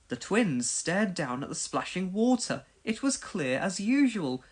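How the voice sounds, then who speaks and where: A woman narrating a children's storybook read-along, expressive in delivery. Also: on the low side, unhurried, few pauses, husky.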